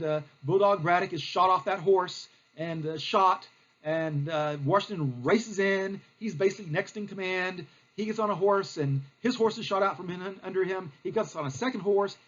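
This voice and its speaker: A male history teacher telling a lesson as a playful, animated story, with lots of fillers. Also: sits high, moderate pace, dull audio.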